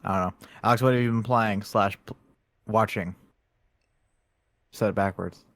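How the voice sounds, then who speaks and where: A man co-hosting a podcast in casual chat, often halting and hesitating with fillers. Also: lowish voice, fairly even intonation, a bit bright, no room sound. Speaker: podcast co-host.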